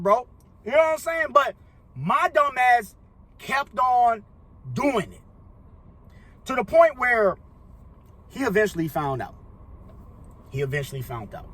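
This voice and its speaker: A man's voice: high voice, fairly bright tone. Rambling, profane young man telling a story. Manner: rambling and profane, heavy on slang fillers. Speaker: storyteller vlogger. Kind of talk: casual storytime monologue.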